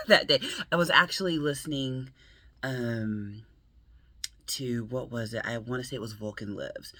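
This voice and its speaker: A woman's voice: extremely low pitch, big pitch swings, a little slow, bright, forceful tone, no room sound. An American woman hosting her book channel, chatting playfully and laughing often. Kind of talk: casual vlog chat.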